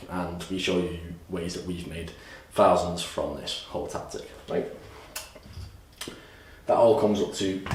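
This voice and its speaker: A man giving an energetic, salesy course pitch at a whiteboard, often repeating himself. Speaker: course presenter. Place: room with a whiteboard. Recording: echoey room, distant mic, faint hiss.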